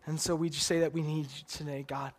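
An earnest male preacher speaks to his listeners with a slightly raised pitch. His delivery stays level and even, with little rise and fall. In prayer he keeps returning to "God" and "Lord". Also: quick pace. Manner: asks "right?" of the listeners. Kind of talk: sermon and closing prayer.

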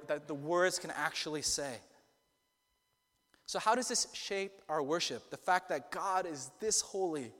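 Guy preaching a sermon, kinda high voice, emphatic, big echoey hall sound. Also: fairly bright tone. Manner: earnest, emphatic preaching with slow stressed phrases. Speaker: pastor.

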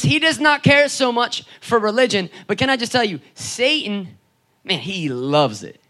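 Guy preaching, talks like he's chatting with you, keeps asking "right?", pretty high voice. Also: fairly bright tone. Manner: conversational preaching with storytelling asides and rhetorical "right?". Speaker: pastor. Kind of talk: sermon.

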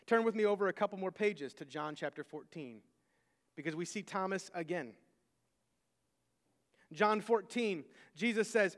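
A man's voice: sits high, animated, normal speed, a bit bright. A man preaching a sermon, emphatic, often repeating and restarting his phrases. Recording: long hall reverb.

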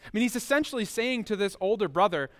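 A man with a notably high voice preaches a sermon as a pastor. He keeps it conversational and speaks straight to his listeners, often with rhetorical questions. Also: expressive, quick pace.

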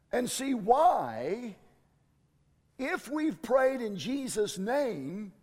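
Male pastor, high voice, emphatic sermon delivery, reverberant hall. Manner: emphatic, exclamatory preaching.

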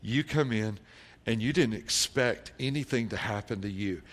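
A man preaching a sermon as pastor, telling a story from his congregation and quoting its members, moving from quiet, low reflection to loud, drawn-out emphatic declarations.

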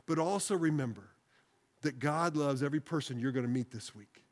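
A man's voice: mid-range voice, animated. A man preaching as pastor in a church service, leading the congregation through spoken phrases and ending in an earnest, pleading prayer. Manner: slows to repeat phrases with congregation. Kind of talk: sermon closing with prayer. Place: church sanctuary, broadcast service.

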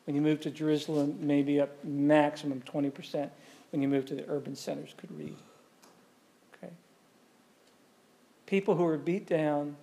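A man delivering a sermon with a gravelly, dark voice. He talks to the congregation in an easy, conversational way and keeps asking them questions. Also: a little high. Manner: conversational, asks the audience questions. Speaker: pastor.

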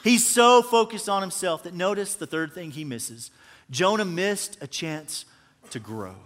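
A man in his thirties preaching a sermon, animated and humorous, telling stories with swings in volume. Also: sits high, a little slow. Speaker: pastor. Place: church auditorium. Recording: long hall reverb.

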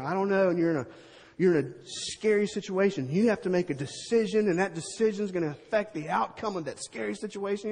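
A middle-aged man preaching, telling a story to a crowd with animated sound effects and a husky voice. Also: high voice, in a large hall. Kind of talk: storytelling sermon.

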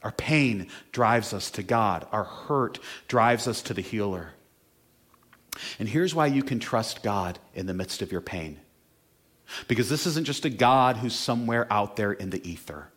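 A male pastor preaching a sermon, moving from quiet, slow, tender lines to loud, emphatic declarations. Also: on the low side.

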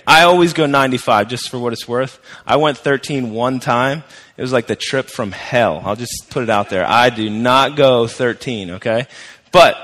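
A man's voice: medium pitch, fairly bright tone. Conversational preaching man, reverberant hall. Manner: conversational, emphatic, repeats key phrases. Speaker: pastor. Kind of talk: sermon.

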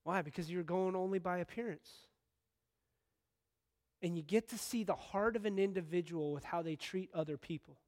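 A man in his thirties preaching a sermon as pastor, talking in a conversational way and telling stories with sudden bursts of excitement. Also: high voice, normal speed.

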